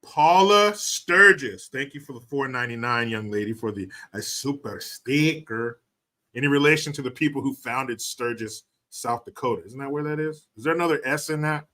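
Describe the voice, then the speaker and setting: A man's voice: mid-range voice, moderate pace, bright, forceful tone. A man hosting a casual livestream, ranting sarcastically and thanking viewers for donations. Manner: sarcastic, mocking rants with profanity. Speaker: livestream host reading donations.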